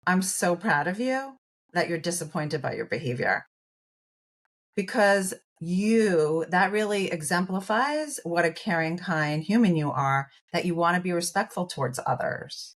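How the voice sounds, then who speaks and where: A middle-aged woman, a therapist on a podcast, coaching a guest warmly and emphatically, with many "right?" asides. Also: fairly low pitch. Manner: warm, encouraging, emphatic with fillers. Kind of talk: coaching conversation.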